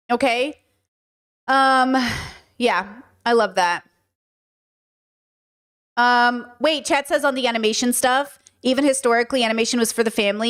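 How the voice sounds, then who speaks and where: A woman hosting a livestream, chatting casually and animatedly with her chat, often repeating herself. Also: a little high. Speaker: livestream host.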